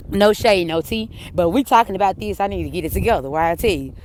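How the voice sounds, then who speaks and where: A woman telling a personal story to her viewers, blunt and cursing, swinging between heated outbursts and hushed apologies. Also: mid-range voice, animated, quick pace, few pauses, a little hiss or hum. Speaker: vlogger. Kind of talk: emotional personal storytelling to camera.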